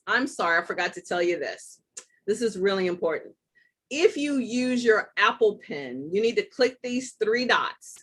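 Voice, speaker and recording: A woman hosting a live online tutorial, chatting casually and talking through each step with self-deprecating asides. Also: medium pitch. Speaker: host.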